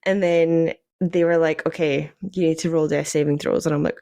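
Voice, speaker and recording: A young Scottish woman telling lively stories about her tabletop game characters in casual chat, laughing often. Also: sits low, normal speed. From Scotland. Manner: animated, laughs often, many fillers. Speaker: podcast guest, D&D player.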